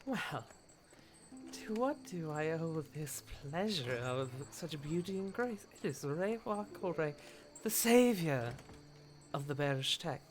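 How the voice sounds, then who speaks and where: A man voicing a tired, flattering fire-spirit courtesan woman with soft, courtly speech. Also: fairly high pitch, slow pace, slight background noise. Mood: gracious.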